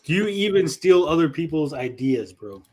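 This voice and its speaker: A man's voice: fairly high pitch, expressive, moderate pace, a little mellow. A man hosting a livestream, chatting casually while reacting to videos, blunt and sarcastic with lots of swearing. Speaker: streamer host.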